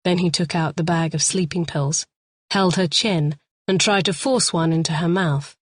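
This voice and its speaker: Female audiobook narrator, low register, tense measured delivery, dry studio sound. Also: no echo. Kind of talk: scripted thriller narration.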